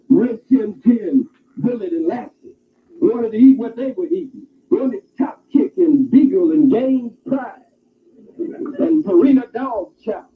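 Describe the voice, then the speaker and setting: A man giving an impassioned lecture, telling an animated story and shouting at times, on a tinny old recording. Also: sits high. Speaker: speaker. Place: campus hall. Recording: tinny phone-like archive recording.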